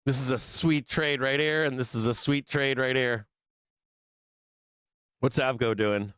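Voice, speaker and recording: A man's voice: mid-range voice, fairly even intonation, a little slow, a bit bright, clean tone, no echo, clean studio sound. Profane, rambling male stream host. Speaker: livestream trading show host. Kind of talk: casual livestream chat.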